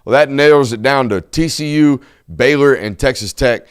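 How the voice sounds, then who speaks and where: A man's voice: medium pitch, moderate pace, clean tone, dry recording, studio quality. A man hosting a casual sports talk show, loose and joking, rambling with fillers. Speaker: host.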